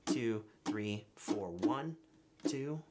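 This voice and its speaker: A man teaching a ukulele tutorial, giving clear, patient step-by-step instructions and counting beats aloud. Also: on the low side, animated, very slow, background noise. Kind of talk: music tutorial, counting and singing along. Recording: ukulele playing behind the voice. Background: ukulele strumming.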